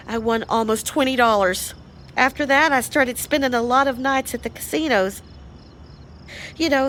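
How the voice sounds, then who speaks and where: A woman's voice: high voice, slight background noise. A woman playing a weary, downcast young woman. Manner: soft, weary, hushed. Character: downcast, broke young woman with a gambling habit. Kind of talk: audio drama acting.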